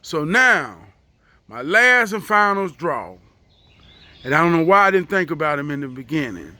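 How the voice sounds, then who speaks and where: Casting: man, casual storyteller, a bit higher pitch, dry close sound. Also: very animated, moderate pace, pushed and bright, no echo. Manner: loose, profane, acts out quoted voices.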